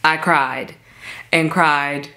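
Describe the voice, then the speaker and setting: A woman with a notably low voice telling a personal story to camera. Casual and emphatic, she leans on "like" constantly. It is a close-mic storytime vlog. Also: steady tone, extremely slow, vocal fry, bright, forceful tone. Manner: casual, emphatic, heavy filler "like". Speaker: vlogger.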